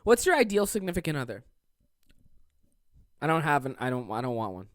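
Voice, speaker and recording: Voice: mid-range voice, very animated, brisk, fairly bright tone, no room sound, clean studio sound. A young adult podcast host giving casual, sarcastic, profanity-laced advice to listener questions from a home desk.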